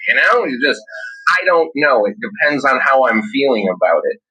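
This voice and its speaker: A man's voice: mid-range voice, normal speed, slightly rough, low-quality recording. A man co-hosting a podcast in casual talk, ranting with heavy swearing. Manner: ranting, profane, animated. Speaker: podcast co-host.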